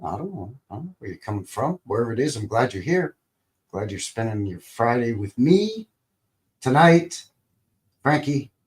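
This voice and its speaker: A man's voice: mid-range voice, a little mellow. A man from Calgary hosting a casual livestream, joking, rambling and greeting viewers by name in a folksy way. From Calgary, Alberta, Canada. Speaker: livestream host.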